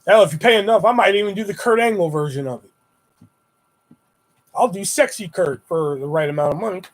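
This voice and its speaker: A young man hosting a casual livestream, rambling and swearing as he tells animated stories and jumps up high when he quotes himself. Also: brisk, low-quality recording. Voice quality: profane, rambling storyteller. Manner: animated retelling with high-pitched quoted exclamations. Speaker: livestream host. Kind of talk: casual live-stream chat.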